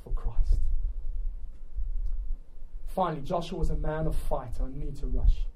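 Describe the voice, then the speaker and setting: A man's voice: on the high side, brisk, warm tone, low-quality recording. A young man preaching a sermon, impassioned and emphatic, driving his points home with rhetorical questions. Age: young adult.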